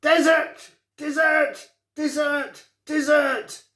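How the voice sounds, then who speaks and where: A man's voice: extremely high pitch, level tone, drawn-out words, sharp tone, echoey room, voice pushed up, exaggerated voice. A man voicing a small female dragon who shrieks shrilly. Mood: shrieking.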